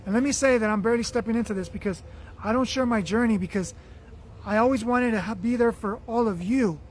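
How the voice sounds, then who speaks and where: A man's voice: sits high, quick pace, slight background noise. A man hosting a spiritual motivational livestream, talking earnestly and affectionately with repeated phrases while his voice is going. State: losing his voice. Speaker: livestream host reading viewer comments.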